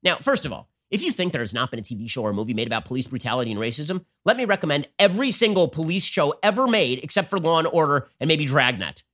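A man hosting a political commentary show, talking in a rapid-fire, sarcastic and combative way. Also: a little high, big pitch swings, fairly bright tone. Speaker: show host.

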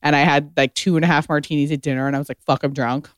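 A woman guest on a podcast, casually telling a story with lots of "like" and animated retelling. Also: low voice, very fast, clean tone, dry recording, clean studio sound. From United States. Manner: chatty, heavy use of "like", animated retelling.

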